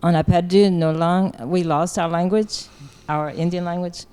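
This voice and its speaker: Man, Louisiana accent, mellow, smooth voice, plain and steady. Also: sits high, normal speed. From Terrebonne Parish, Louisiana. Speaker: panelist. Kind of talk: bilingual speaking, French then English.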